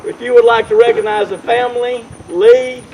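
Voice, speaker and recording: A man's voice: very high voice, flat delivery, normal speed, a little mellow, a little hiss or hum, low-quality recording. A man speaking as mayor at an outdoor park dedication, telling a folksy, rambling story and often restarting his sentences. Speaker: mayor giving a dedication speech. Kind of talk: informal public speech.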